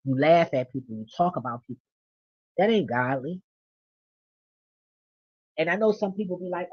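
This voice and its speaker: A woman venting in a casual monologue, blunt and profane, swinging from low mutters to loud rants. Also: normal speed, long pauses, no echo. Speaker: vlogger. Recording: dull lo-fi dry recording.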